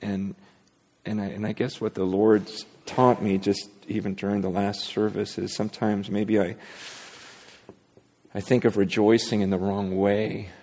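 In the large hall of a church sanctuary, a man with a lowish, mellow voice preaches in an unhurried, flat delivery. The pastor speaks frankly and rambles, putting himself down and beginning his thoughts over many times.

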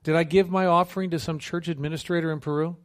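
Man, missionary preacher, sermon, joking storyteller, fairly high voice. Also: fast talker. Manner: conversational, humorous, animated storytelling with acted quotes.

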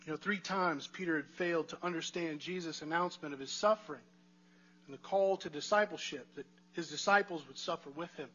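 Bright-voiced man preaching a conversational sermon. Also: a little high, fairly quick, muffled recording. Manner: conversational preaching with rhetorical questions to the congregation. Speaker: pastor.

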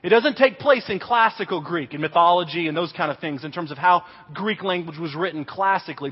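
A man preaching a sermon, telling a childhood story with acted-out voices before teaching on faith. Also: high voice. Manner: animated storyteller, acts out quotes. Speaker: pastor. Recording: dull reverberant hall recording.

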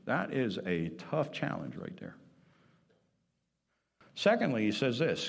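A man's voice: mid-range voice, huge pitch swings, takes it slowly, gravelly, pauses often. A man preaching a sermon as pastor, emphatic, repeating key phrases and putting questions to the congregation. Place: church sanctuary. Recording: long reverb of a church hall.

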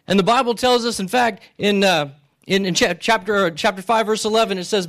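A man's voice: sits high, normal speed, fairly bright tone. A male pastor preaching a sermon in a conversational way, retelling scripture stories and often checking in with the congregation. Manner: conversational, keeps checking in with "right?"; retells stories with restarts and acted asides.

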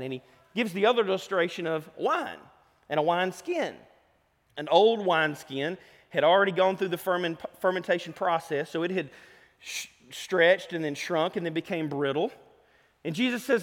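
A man preaching a sermon in a folksy, animated way. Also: high-pitched, normal speed. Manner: animated, folksy, voices Jesus in quotes. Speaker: pastor. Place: church sanctuary. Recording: long hall reverb.

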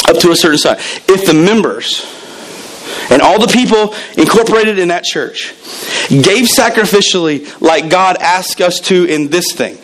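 A man's voice: on the high side, fairly bright tone, poor audio. A man preaching a sermon as pastor, telling stories animatedly and repeating words as he builds up.

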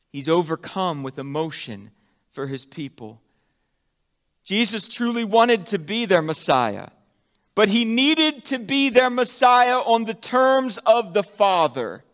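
A pastor preaching a sermon, with dramatic swings from loud emphatic peaks to hushed, soft endings. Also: male voice, high-pitched, big-room sound.

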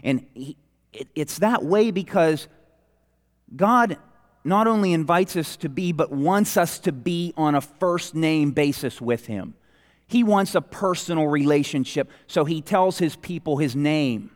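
Slow-preaching man in a reverberant hall. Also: fairly high pitch. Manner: earnest preaching, slows down to quote scripture. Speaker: pastor. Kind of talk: sermon.

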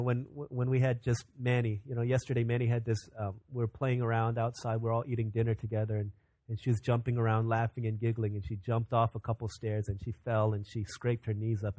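A young man preaching a sermon, rising to loud, urgent questions and then dropping to soft, hushed lines. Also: mid-range voice, no echo, poor audio. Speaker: pastor.

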